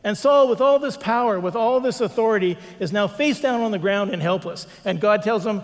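A man's voice: sits high, normal speed, hardly any pauses. A man preaching a sermon as pastor, telling stories with animation and acting out the quotes. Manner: animated storytelling, acts out quotes. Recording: long reverb of a large hall.

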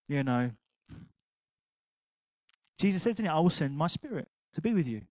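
An older man preaching, his voice sitting somewhat high. He tells stories with animated energy and laughs along with them. The sound is dry and close. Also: moderate pace, pauses often, no echo, rough recording. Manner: animated storytelling, laughing at his own anecdote. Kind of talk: sermon.

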